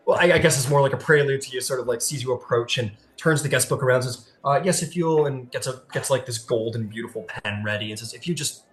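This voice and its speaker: A man's voice: medium pitch, fairly even intonation, fast, few pauses, fairly bright tone. A man narrating as game master of a tabletop game, casual and full of "uh" and "like". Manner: casual, filler-heavy narration.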